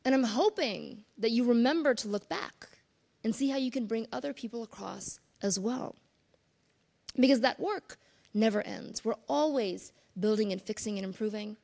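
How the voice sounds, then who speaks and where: Woman in her thirties for an earnest keynote talk; conversational, a bit high, with vocal fry. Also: normal speed, darkish tone. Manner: earnest, conversational, with asides to the audience. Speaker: conference speaker.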